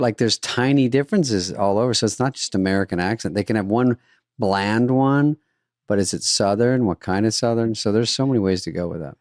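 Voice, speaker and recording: A man's voice: fairly low pitch, a little fast, no room sound. A man co-hosting a podcast in casual chat, dry and offhand with wry asides. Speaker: podcast co-host.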